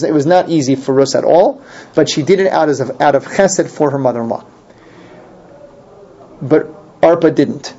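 A man's voice: on the high side, darkish tone. Man teaching an informal Talmud class. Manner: thinking aloud, restarts and rhetorical questions. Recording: dull lo-fi class recording with faint noise.

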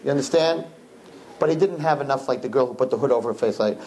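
A man, a rabbi, telling his students a story in an animated, repetitive way, with Hebrew and Yiddish words mixed in. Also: medium pitch, fast talker, a little hiss or hum, rough recording. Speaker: rabbi teaching a class.

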